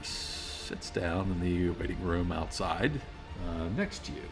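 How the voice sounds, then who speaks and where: A man's voice: low-pitched, lively intonation, slow, vocal fry, over music. A man narrating a tabletop game as game master, easygoing and hesitant, with many ums. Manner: easygoing, hesitant, laughs at own jokes.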